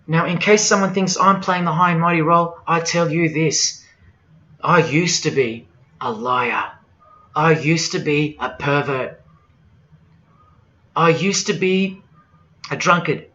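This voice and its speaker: A man preaching a monologue in a forceful, rhetorical way, firing question after question at the listener. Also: a little high, measured pace. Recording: dull lo-fi audio.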